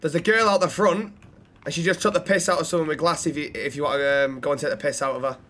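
A man's voice: a little high, fairly even intonation, fast, fairly bright tone. A man streaming a role-play game, swearing freely and muttering to himself. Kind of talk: casual gaming commentary.

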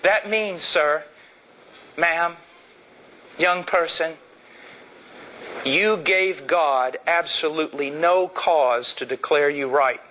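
Male preacher, fiery sermon delivery, high and bright, swinging between hushed and shouted. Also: slow pace, long pauses, a little hiss or hum, rough recording. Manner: impassioned, shifts between low earnest and high shouted emphasis.

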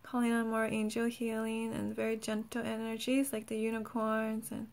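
A woman energy healer who talks gently and soothingly in a guided healing session, laughing often and saying "like" a lot. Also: fairly high pitch, completely flat delivery, normal speed, creaky.

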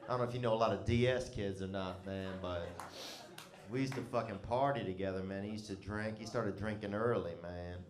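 A man's voice: lowish voice, fairly even intonation, a little fast, roomy sound. A man telling a comic story in a loose, rambling, profane way, often breaking into laughter. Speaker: comedian.

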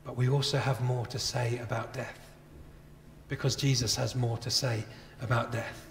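A man's voice: mid-range voice, little pitch movement, normal speed, slight background noise. A man preaching a sermon as a pastor, earnest and conversational, asking his listeners many rhetorical questions. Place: church. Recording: echoey church with long reverb.

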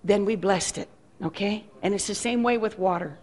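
A woman pastor leading a charismatic church service, praying loudly over people and speaking in tongues. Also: mid-range voice, moderate pace. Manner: fervent, shouting prayers and speaking in tongues. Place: church hall with a choir. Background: music playing.

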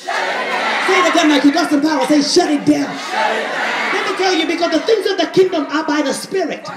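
A woman pastor preaching a fiery sermon with call-and-response, rising often into shouts. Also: sits high, brisk, very noisy. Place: church sanctuary with congregation. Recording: echoey church with crowd.

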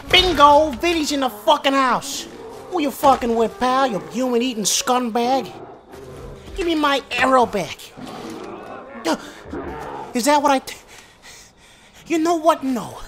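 A man's voice: very high-pitched, a bit bright, voice pushed up, exaggerated voice. A man voicing a brash, foul-mouthed mafia mob boss during in-character game commentary, swearing constantly and swinging between cocky boasts and jittery nerves. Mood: nervous bravado. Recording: game music clearly behind the voice. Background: game music.

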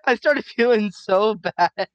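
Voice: medium pitch, slow, no room sound, dull audio. A fellow player in casual gaming chat, teasing and laughing, and apologizing between jokes.

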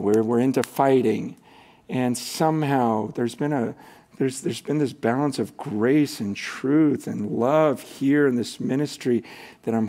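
A middle-aged man preaching a sermon as a pastor, impassioned, swinging from shouting to quiet prayer. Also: mid-range voice. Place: church hall.

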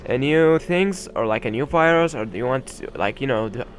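A man's voice: mid-range voice, expressive, brisk, slight background noise. A man commenting on a video game as he plays, musing hesitantly with many fillers. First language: Arabic. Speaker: gamer. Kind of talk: let's play commentary.

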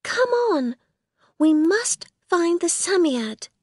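A woman's voice: sits high, sing-song, slow pace, a little mellow, no echo, studio quality, pitched above the performer's own voice, full character voice. A woman voicing an anxious, earnest young girl in a storybook reading, urgent and pleading. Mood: worried.

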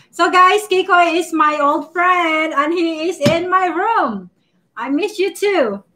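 High-pitched woman doing a live baking stream, chatty, laughs a lot, shouts out viewers. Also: slight background noise. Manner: chatty and emotional, greets viewers by name, laughs often. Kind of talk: casual live-stream chat while baking.

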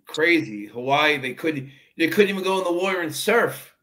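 A man's voice: a little high, lively intonation, moderate pace, sharp tone. A man on a video call chatting in an easygoing way, mixing short remarks with longer runs of talk. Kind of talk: casual livestream chat.

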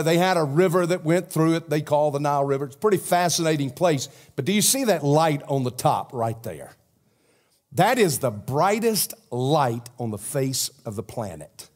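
In a church sanctuary, a Southern-accented pastor with a fairly high voice preaches a sermon, moving between loud emphasis and a hushed prayer.

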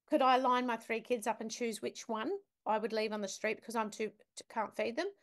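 A woman with a slightly high voice keeps a steady tone and a brisk pace. She's a business academic on a podcast, telling a conversational story with vividness and emphasis while posing questions to the listener.

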